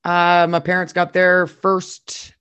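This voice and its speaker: A man, a former radio host now co-hosting a podcast, chatting casually and jokingly, with sudden loud laughing outbursts. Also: high-pitched, completely flat delivery, takes it slowly, very noisy. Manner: jokey, breaks into loud laughing exclamations. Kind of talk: casual chat.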